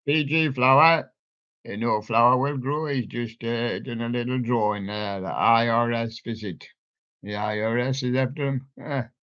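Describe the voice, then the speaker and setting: Older guy hosting his stream, slow and chuckly, punny, muffled lo-fi sound. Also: medium pitch, a bit bright. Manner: chuckling, jokey wordplay, talks to his props. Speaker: live stream host. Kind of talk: rambling solo live-stream chat. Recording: dull lo-fi stream audio.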